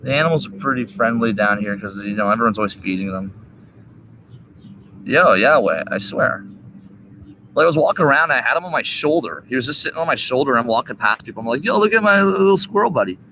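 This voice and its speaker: A man live streaming from a park, rambling and swearing while high. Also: quick pace, pushed and bright, slight background noise, low-quality recording. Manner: rambling, profane, sing-song asides. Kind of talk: rambling outdoor livestream chat. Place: park outdoors.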